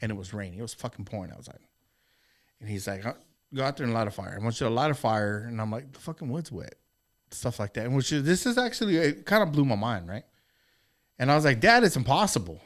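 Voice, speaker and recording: A man's voice: medium pitch, expressive, fast. A middle-aged man and podcast co-host, telling a long personal story in a rambling, earnest, profanity-laced way. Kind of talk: casual storytelling chat.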